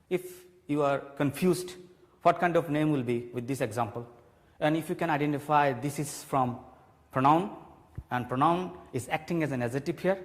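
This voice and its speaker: A man teaching a televised grammar class, explaining slowly and repeating key points. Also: on the high side. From Bangladesh. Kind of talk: televised classroom English lesson. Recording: long hall reverb.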